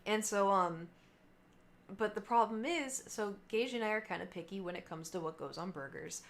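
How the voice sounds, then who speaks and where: A young woman chats to her stream, telling a story in a loose, animated way. She acts out the other people's lines and fills the gaps with "like" and "um." Her voice sits at a mid pitch. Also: normal speed. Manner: chatty, animated quoting of others, many fillers. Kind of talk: casual storytelling to stream chat.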